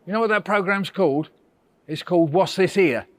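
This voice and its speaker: An older Englishman with a high-pitched, fairly quick voice runs a workshop for small children in a school room. Playful and coaxing, he counts the kids into call-and-response chants, and there's no room sound on the recording.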